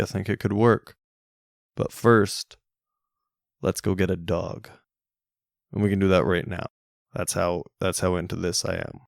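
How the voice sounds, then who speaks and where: Low gravelly man rambling on a podcast. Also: steady tone, a little slow, pauses often, no echo, clean studio sound. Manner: rambling, jokey, self-mocking with crude humor. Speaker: podcast host. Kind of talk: solo casual podcast monologue.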